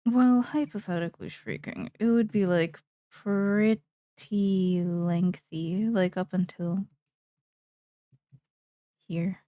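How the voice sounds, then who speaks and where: Unhurried young woman streamer, dry sound. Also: on the low side, steady tone, mellow, no echo. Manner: rambling, playful, thinks aloud. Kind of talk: casual chat while drawing on stream.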